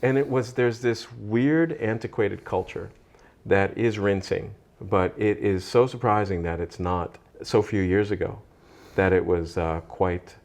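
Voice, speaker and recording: A man hosting a podcast, chatting casually and telling animated stories with acted-out quotes. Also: fairly low pitch, a little slow. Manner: animated, acts out quoted voices. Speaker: podcast host. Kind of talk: casual storytelling chat.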